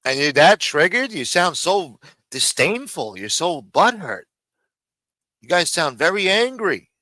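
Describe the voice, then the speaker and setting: Bright, angry man ranting live. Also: fairly high pitch, big pitch swings, a little slow, dry recording, low-quality recording. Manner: angry, profane, mocking. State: talking around a throat lozenge. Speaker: live stream host. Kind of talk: heated live stream rant.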